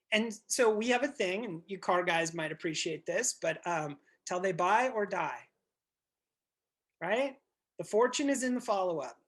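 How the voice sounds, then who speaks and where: Blunt, animated male coach on a call. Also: high voice. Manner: blunt, animated, acts out scenes and swears. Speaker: real estate coach. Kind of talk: group coaching session.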